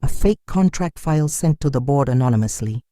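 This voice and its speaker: A narrator reading a dramatic story in a steady, scripted storytelling style. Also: mid-range voice, brisk, no room sound, studio quality.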